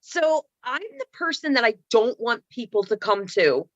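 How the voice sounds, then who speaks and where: A woman's voice: fairly high pitch, big pitch swings, normal speed, dry recording, highs cut off. A woman in her thirties telling comedic stories on a video call, sassy and self-mocking with playful asides. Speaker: comedian and speaker. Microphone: computer mic on a video call.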